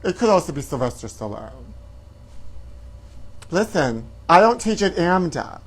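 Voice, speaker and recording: A man's voice: fairly high pitch, big pitch swings, unhurried, slightly rough. Campy gossip host, flamboyant man. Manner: flamboyant, calls viewers honey. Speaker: comedy show host.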